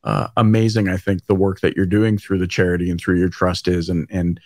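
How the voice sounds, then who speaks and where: A man's voice: sits low, completely flat delivery, a little fast, no room sound, studio quality. A man from Canada hosting an interview, enthusiastic and full of praise for his guest. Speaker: podcast host. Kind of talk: casual interview talk.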